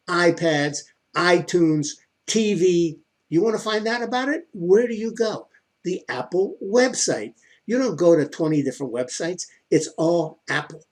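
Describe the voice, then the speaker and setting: A middle-aged man with a husky, somewhat raised voice gives an instructional talk on marketing. He talks emphatically and keeps firing rhetorical questions that he then answers himself. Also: a little high, a little mellow. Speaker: online marketing coach.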